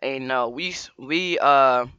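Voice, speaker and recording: A male vlogger rambles through a story, filling it with slang and repeated restarts. His voice is bright and clean, with a sharp edge. The recording sounds dry and a little dull, like lo-fi audio. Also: mid-range voice, measured pace, clear, resonant tone, no room sound. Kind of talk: casual storytime vlog.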